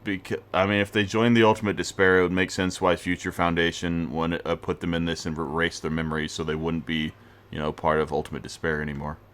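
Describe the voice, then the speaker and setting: Male streamer, low voice, rambling casual chat. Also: level tone, fast, fairly bright tone. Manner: rambling, with restarts and tangents.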